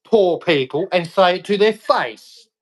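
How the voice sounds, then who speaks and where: A man's voice: sits high, animated, a little slow. An angry young Australian man in a heated, repetitive rant aimed at a politician. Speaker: vlogger.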